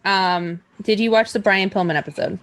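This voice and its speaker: A woman's voice: medium pitch, fairly even intonation, moderate pace, fairly bright tone, no room sound. A woman co-hosting a podcast in casual, rambling chat, laughing often. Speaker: podcast co-host.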